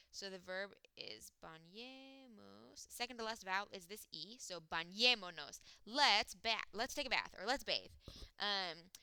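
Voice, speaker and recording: A woman teacher walks through Spanish grammar one step at a time, tossing in "um" and "okay" as she goes. Her voice is very bright and clean. The recording is dry and close, with almost no room sound. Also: medium pitch, clear, resonant tone, dry recording. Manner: explains step by step, with frequent "um" and "okay". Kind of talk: recorded classroom lesson.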